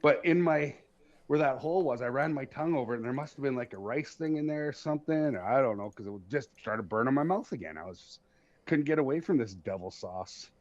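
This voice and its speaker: A man hosting a podcast, telling stories in a casual, profane, animated way and laughing at himself. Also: mid-range voice, brisk, dry recording. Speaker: podcast host. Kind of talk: casual storytelling chat. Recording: dull lo-fi sound.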